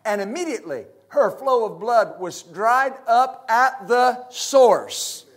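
A middle-aged pastor from West Texas, preaching a fervent sermon full of amens and hallelujahs. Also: male voice, very high-pitched, expressive, takes it slowly.

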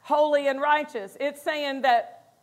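A woman's voice: sits high, fairly even intonation, slow pace. A woman pastor preaching a sermon in a conversational way, acting out quotes and laughing between points.

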